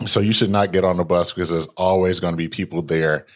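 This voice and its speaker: A man's voice: sits low, fast talker. A man in his thirties, a guest author, animatedly telling a personal story in conversation and acting out the voices in his head. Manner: animated storyteller who acts out inner voices.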